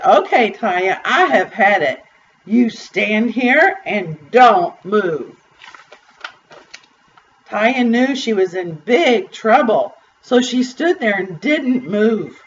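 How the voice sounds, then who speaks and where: A woman reading a children's picture book aloud in an expressive, deliberate way. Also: on the high side. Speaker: storybook reader. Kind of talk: read-aloud storytelling. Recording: distant muffled recording with faint hiss.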